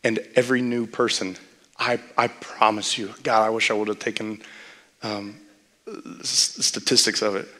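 A man's voice: on the low side, level tone, moderate pace, pushed and bright. A man preaching a sermon as pastor, telling stories in a conversational way and building to emphatic peaks.

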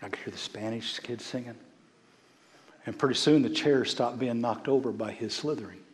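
Man, bishop, preaching, swings loud to soft, mid pitch, echo from a long hall. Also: moderate pace. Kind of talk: sermon.

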